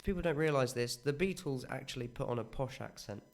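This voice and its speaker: A man's voice: medium pitch, lively intonation, a little fast, vocal fry. A man in a casual podcast talk, explaining things at length with many restarts. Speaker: podcast co-host. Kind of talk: casual discussion.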